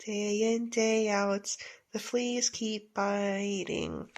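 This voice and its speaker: A woman reading a manga aloud like a bedtime story, with slow, unhurried narration. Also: medium pitch, little pitch movement. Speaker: audiobook reader.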